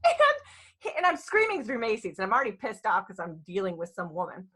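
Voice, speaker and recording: A woman hosting a casual podcast conversation, telling stories in a lively, blunt way with some swearing. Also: medium pitch, moderate pace.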